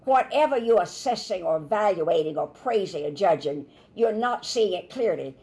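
Animated woman minister teaching scripture. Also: lowish voice, moderate pace. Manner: animated storytelling, acts out quoted voices. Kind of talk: Bible teaching sermon.

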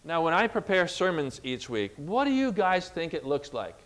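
A man preaching a sermon as pastor, animated, asking the congregation questions and swinging in pitch and loudness. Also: moderate pace.

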